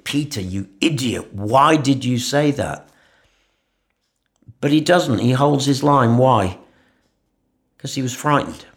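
A man speaking earnestly in a conversational Bible reflection, full of rhetorical asides. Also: medium pitch. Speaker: co-presenter of a Bible podcast. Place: church in Jerusalem.

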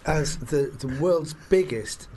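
A man's voice: on the high side, slow, darkish tone, slight background noise. A man co-hosting a podcast in casual, jokey chat, laughing often. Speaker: podcast co-host.

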